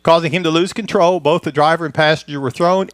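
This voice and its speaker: A man's voice: a little high, steady tone, fast, no room sound. A man presenting a history segment on a radio car talk show, reading from a script with a good-humored chuckle.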